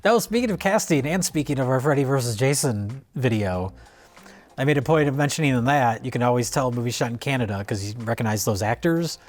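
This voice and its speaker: Wry co-host, lively swinging pitch, dry asides. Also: male voice, fairly quick. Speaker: film review show co-host. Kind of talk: casual movie chat.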